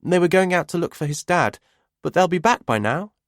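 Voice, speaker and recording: A man voicing a defensive, rattled young woman in an audiobook, with sharp, quick questions. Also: sits high, animated, dry recording, clean studio sound, voice pushed up. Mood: guarded.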